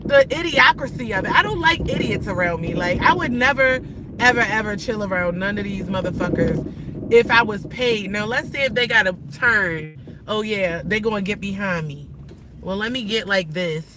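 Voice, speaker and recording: A woman's voice: mid-range voice, moderate pace, background noise. A woman in her thirties livestreaming from inside her car as she drives, ranting in a heated, profane, rambling way. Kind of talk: ranting live stream while driving. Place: inside a car while driving.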